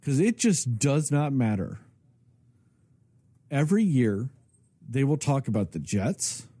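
A male podcast co-host rants in a casual, profane way, his pitch swinging widely. His voice is dark and a little husky. The sound is dry and close. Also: takes it slowly, no echo. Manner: profane, ranting, animated. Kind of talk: casual chat.

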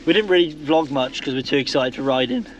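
A man's voice: a little high, fairly quick. A man vlogging outdoors at an off-road riding spot, joking around and cheering on riders. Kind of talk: casual banter while filming riders. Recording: noisy outdoor camera audio.

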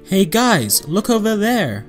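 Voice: mid-range voice, sing-song, slow pace, soft background music. Someone voicing an overconfident cartoon object. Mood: eager. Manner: upbeat, boastful. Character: overconfident, self-praising young cartoon object.

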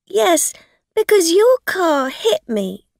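A woman reading a storybook, voicing a bold, demanding middle-aged woman who talks in a sharp, insistent way. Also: extremely high pitch, sing-song, slow, vocal fry, dry recording, studio quality, pitched above the performer's own voice, full character voice.

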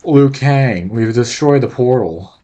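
A man's voice: mid-range voice, lively intonation, takes it slowly, dark tone, dull audio. A man putting on the voice of a sneering male sorcerer villain, drawn out and mock-villainous. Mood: mock sinister.

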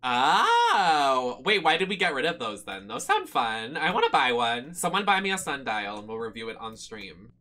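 A streamer giving loud, profane, joking running commentary on a live horror game stream, with sudden squeals when startled. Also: medium pitch, wildly swooping pitch, moderate pace, few pauses. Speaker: streamer playing horror games.

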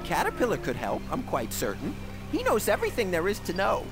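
A woman's voice: medium pitch, wildly swooping pitch, brisk. A woman voicing a timid, fussy, mournful male mock turtle in a video game, with a quavering, prim voice. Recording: game audio under music.

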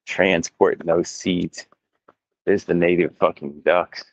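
This mycology channel host sits low in pitch, with fairly even intonation, a slow pace and a gravelly texture, while the highs are cut off. He wanders botanical gardens on a casual handheld-phone livestream, rambling, cursing and frequently chuckling.

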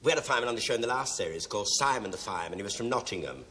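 A man's voice: fairly low pitch, expressive, rapid-fire, bright, forceful tone. A middle-aged man hosting a TV game show, chatting with contestants in camp, teasing banter full of asides and giggles. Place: TV studio with live audience. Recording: broadcast TV studio with audience noise.

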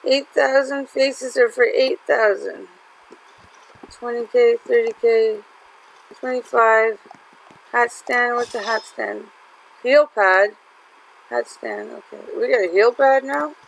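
A woman's voice: a little high, slow pace, creaky, pauses often, low-quality recording. A woman hosting a gaming channel, chatting and teasing through her commentary as she plays. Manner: chatty and teasing, laughs often. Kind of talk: let's-play commentary.

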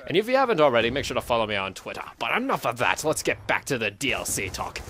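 A man's voice: mid-range voice, big pitch swings, quick pace, sharp tone. A man giving unscripted, rambling game theory commentary in a hyper way. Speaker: gaming video commentator.

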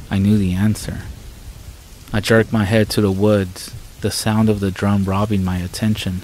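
A man narrating a first-person horror story in a measured, somber way. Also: fairly low pitch, level tone, darkish tone, slight background noise, rough recording. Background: faint rain sounds.

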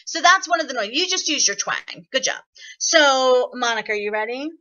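A woman leading an online singing workshop, chatty and encouraging, explaining with lively examples over a video call. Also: high-pitched, normal speed, dull audio. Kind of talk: online voice lesson.

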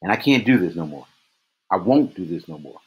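A man's voice: sits low, expressive, fairly quick, darkish tone, low-quality recording. A man doing a big, plain-spoken prison guard. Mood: earnest. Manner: plain-spoken, rough grammar. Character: big burly prison guard, grown man, gruff and shaken.

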